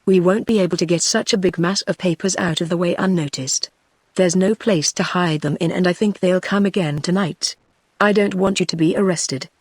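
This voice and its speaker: A man's voice: high-pitched, brisk, no room sound. A synthetic female voice reading an impassioned male revolutionary. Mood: earnest.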